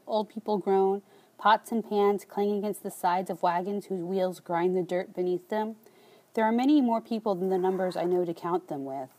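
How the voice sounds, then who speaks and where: A woman narrating an audiobook in a calm, measured first-person reading. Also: mid-range voice.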